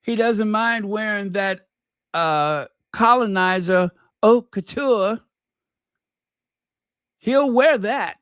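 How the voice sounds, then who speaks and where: A woman's voice: mid-range voice, slow, pauses often, dry recording, clean studio sound. A woman hosting a casual commentary channel, chatting and teasing while fumbling to find clips.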